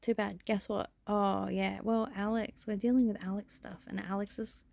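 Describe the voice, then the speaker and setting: A woman's voice: mid-range voice, gravelly, darkish tone, dry recording. A woman talking to camera in a rambling, self-reflective vlog monologue, laughing often. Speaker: vlogger.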